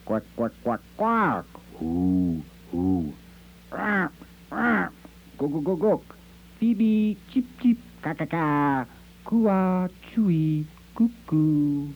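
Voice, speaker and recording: A man's voice: on the high side, sing-song, extremely slow, husky, voice pushed up, full character voice. A man voicing a chorus of wild birds, imitating quacks, hoots and chirps. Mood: playful. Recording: dull lo-fi archive recording.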